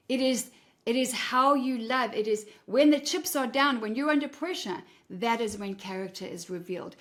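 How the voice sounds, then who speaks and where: Blunt, preachy woman with a higher voice. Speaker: podcast host. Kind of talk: faith-based motivational talk.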